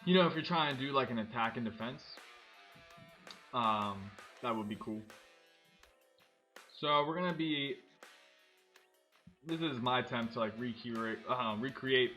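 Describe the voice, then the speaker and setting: A man casually commenting as he plays a tank game, thinking aloud and getting excited when things blow up. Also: medium pitch, unhurried, pauses often, soft background music. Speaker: gameplay commentator. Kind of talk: casual let's-play commentary.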